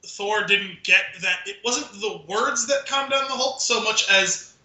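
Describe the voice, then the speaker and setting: Male podcast co-host, high and very bright voice, chatty, echoey room. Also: unhurried. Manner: loose, full of filler words, quotes movie lines in put-on voices. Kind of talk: casual chat.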